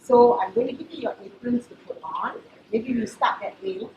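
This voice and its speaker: This middle-aged woman with a Malaysian accent is a chef running a live cooking class in a hotel kitchen, chatty and explanatory, often checking in with "you know" and "all right." Her voice sits on the high side at a normal pace. The kitchen echoes and the background is noisy.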